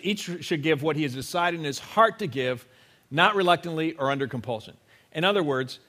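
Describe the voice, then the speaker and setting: A man's voice: a little high, a bit bright. A man preaching a sermon to his congregation in a church, talking to them conversationally, often checking in with "right?" and acting out little quotes. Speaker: pastor. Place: church sanctuary.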